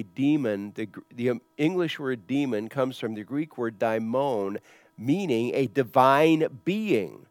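A man's voice: a little high, dry recording. Man preaching a conversational sermon. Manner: conversational teaching, asks rhetorical questions. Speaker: pastor. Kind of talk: expository sermon.

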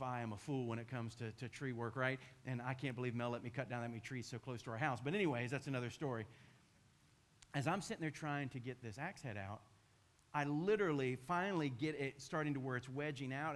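A middle-aged man preaching as a pastor, telling a self-mocking story in an animated way. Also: a little high. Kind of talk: sermon.

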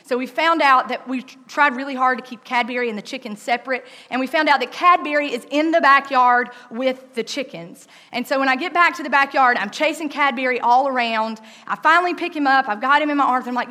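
Bright, lively storytelling woman. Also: sits high, a little fast. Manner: lively, conversational, with frequent "um" and "like". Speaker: speaker telling a personal story. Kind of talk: personal storytelling talk.

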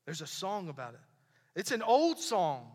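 A man's voice: high voice, huge pitch swings, normal speed, long reverb tail. A young male pastor, preaching a sermon in a casual, emphatic way, repeating phrases for effect. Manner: conversational, emphatic preaching with repetitions. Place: church sanctuary.

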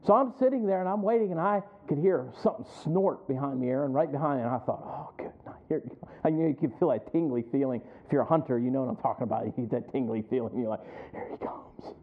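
A man's voice: mid-range voice, fast talker, hardly any pauses. A man preaching a sermon in a conversational way, calling on listeners by name and building to emphatic peaks. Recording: tinny phone-like sound.

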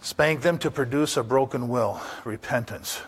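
A man's voice: medium pitch, normal speed, slightly rough. Older man preaching a folksy sermon. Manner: folksy, anecdotal, rhetorical questions to the congregation. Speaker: pastor.

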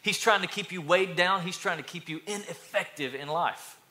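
High, bright-voiced preaching man. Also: normal speed. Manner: energetic preaching with repetitions and storytelling. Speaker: pastor. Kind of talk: sermon.

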